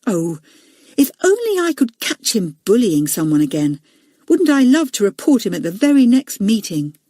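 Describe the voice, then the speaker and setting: Woman reader as a lively, scornful schoolgirl. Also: mid-range voice, moderate pace, no room sound, clean studio sound. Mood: indignant. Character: spirited schoolgirl, indignant and scornful.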